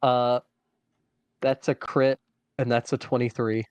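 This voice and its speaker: A man runs a tabletop game over an online call, brisk and matter-of-fact as he reads out rolls and damage. His voice sits in a mid range, close and very dry on the mic with no room around it. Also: medium pitch, flat delivery, a little mellow, smooth, no echo. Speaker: game master. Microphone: online call microphone.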